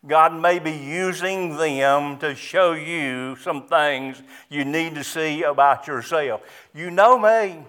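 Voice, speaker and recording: A man's voice: a little high, slow, fairly bright tone, clean tone. A middle-aged man preaching a sermon as pastor, emphatic and repetitive, stressing key words.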